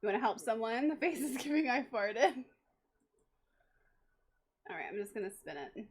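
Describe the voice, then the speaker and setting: A young adult woman streaming a game live, reacting excitably, laughing often and talking to her chat. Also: a little high, normal speed, slightly rough.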